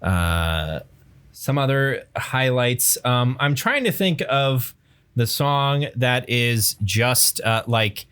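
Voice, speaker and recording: A man's voice: medium pitch, lively intonation, a bit bright, clear, resonant tone. Rambling casual man co-hosting a podcast. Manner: rambling, halting, many fillers and restarts. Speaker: podcast co-host. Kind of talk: casual chat about music.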